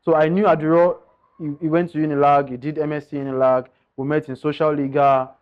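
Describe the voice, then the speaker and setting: A man's voice: fairly high pitch, little pitch movement, brisk, smooth. A man telling his own story in a candid, earnest way, often calling his listeners guys. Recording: slightly dull lo-fi sound.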